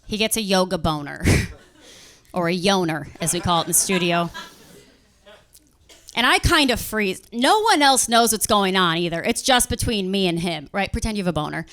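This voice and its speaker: A woman's voice: mid-range voice, lively intonation, a bit bright. Woman doing stand-up with acted-out voices. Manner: acts out customers and bosses in quick quoted voices. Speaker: stand-up comedian. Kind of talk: stand-up comedy storytelling. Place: comedy stage in front of a live audience.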